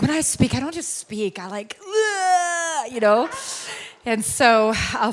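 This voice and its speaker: A woman's voice: a little high, fairly bright tone. A middle-aged woman from Alberta, Canada, giving chatty, laughing opening remarks as a guest preacher in a church. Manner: chatty, laughing, self-deprecating asides. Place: large church sanctuary. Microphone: handheld or stage microphone.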